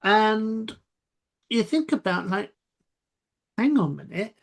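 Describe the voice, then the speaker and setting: A British woman chatting on a video call, explaining her points in a measured way with hesitant pauses. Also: mid-range voice, expressive, creaky. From Britain. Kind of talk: casual chat.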